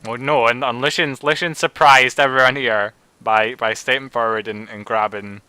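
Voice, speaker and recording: A man narrating as game master of a tabletop game, halting and correcting himself as he goes. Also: medium pitch, fairly even intonation, bright, forceful tone, clear, resonant tone.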